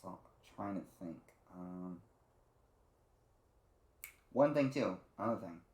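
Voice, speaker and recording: A man's voice: low-pitched, lively intonation, slow pace, a little mellow, reverberant. A man giving a casual, rambling game review, swearing freely and acting out character lines. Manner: rambling, profane, acts out character lines in quotes.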